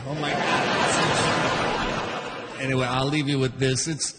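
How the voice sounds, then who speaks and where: A male stand-up comedian with a fairly high voice tells a family story. He rambles and restarts often, tossing in little asides. There is a noisy background under his voice. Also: fairly even intonation, normal speed, long reverb tail, over a noisy crowd. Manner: rambling, filler-heavy, self-interrupting.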